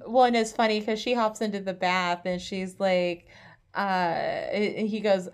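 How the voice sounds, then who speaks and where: A woman with an ordinary middle-pitched voice co-hosts a casual podcast. She chimes in quickly and laughs easily. She livens up her retellings with acted-out lines. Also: smooth. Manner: animated, jumps in, laughs, acts out quotes. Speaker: podcast co-host. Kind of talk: casual chat.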